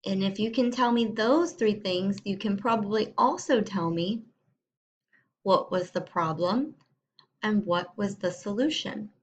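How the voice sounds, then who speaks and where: A woman teacher reading a storybook aloud to young students in a slow, clear way. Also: medium pitch, lo-fi sound.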